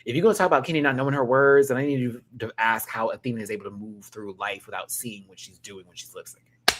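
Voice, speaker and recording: A man giving a casual, sassy review of a reality show, swinging from loud outbursts to hushed asides and laughing often. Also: medium pitch, steady tone, quick pace, slight background noise. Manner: laughs often while talking. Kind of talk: casual reaction commentary.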